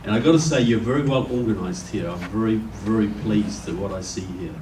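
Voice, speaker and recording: A man's voice: lowish voice, fast talker, dark tone. A man from New Zealand with a New Zealand accent, giving a folksy, joking speech as guest speaker to a live audience in a meeting room. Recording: roomy, distant, faint background noise.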